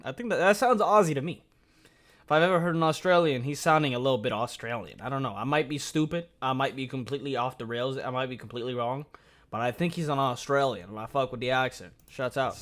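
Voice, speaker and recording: A man hosting a reaction channel, chatting casually, swearing often and thinking out loud. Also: mid-range voice, fast talker. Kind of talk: casual video reaction commentary.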